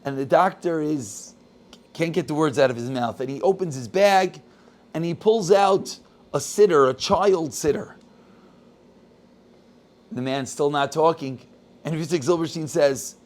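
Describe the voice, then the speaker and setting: A rabbi gives a sermon by telling a story, animatedly voicing its characters' words with rising intensity. His voice is fairly high and his pace measured.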